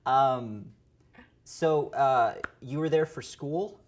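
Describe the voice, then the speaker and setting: A man hosting an interview, relaxed and casual, with many fillers and quick bursts of speech, recorded in a theater. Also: medium pitch. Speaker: interview host. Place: theater stage.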